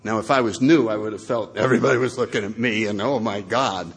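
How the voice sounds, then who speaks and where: A man's voice: fairly low pitch, steady tone, fast talker. A man telling funny stories at a meeting, laughing and acting out the people in them. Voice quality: laughs through his stories, does loud voices for others. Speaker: recovering alcoholic sharing at a meeting. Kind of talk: lively anecdotal storytelling.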